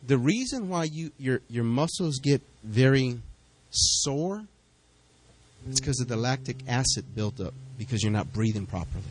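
A middle-aged man preaching a sermon, telling a story with lively back-and-forth dialogue. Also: medium pitch. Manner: storytelling, animated, acts out quoted exchanges. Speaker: pastor.

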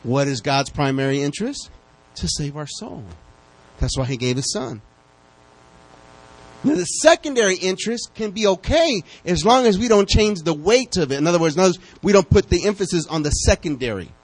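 A man preaching a sermon, talking straight to his congregation and bouncing between calm teaching and excited bursts. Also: a little fast, no room sound, low-quality recording. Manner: lively, talks to the congregation directly; pitch jumps up high when excited.

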